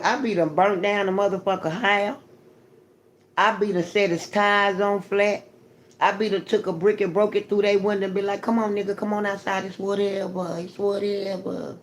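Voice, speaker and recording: A woman on a live stream giving an emphatic, profane, preaching testimony and greeting her chat viewers by name. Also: medium pitch. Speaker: livestreamer.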